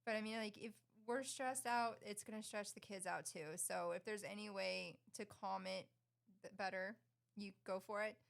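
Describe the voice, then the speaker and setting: A middle-aged woman co-hosting a casual podcast chat, bubbly and quick to laugh, acting out her mornings with her son. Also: mid-range voice, creaky. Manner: bubbly, laughs often, animated retellings. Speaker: podcast co-host.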